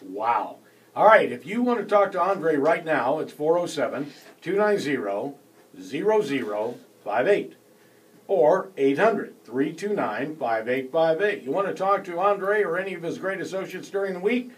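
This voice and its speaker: Higher-voiced male radio co-host, distant. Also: lively intonation, moderate pace. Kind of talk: radio hosting and station announcements. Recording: distant mic.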